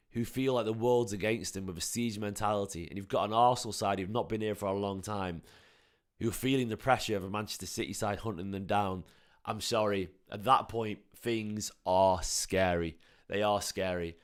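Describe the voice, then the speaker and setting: Passionate tired football fan. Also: male voice, on the low side, a bit bright. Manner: passionate, swearing, rambling. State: tired, voice going. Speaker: football fan channel host. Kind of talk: casual live match reaction.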